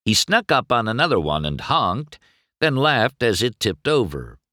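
A man reading a children's storybook aloud as narrator, slow and expressive. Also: mid-range voice, no room sound, clean studio sound. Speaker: audiobook narrator. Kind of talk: scripted narration.

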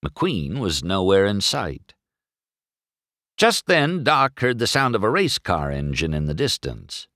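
A slow, unhurried male narrator reading a children's story with a very lively, swooping pitch. His voice sits low and is recorded close and dry, with no room sound. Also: no room sound. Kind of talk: audiobook narration.

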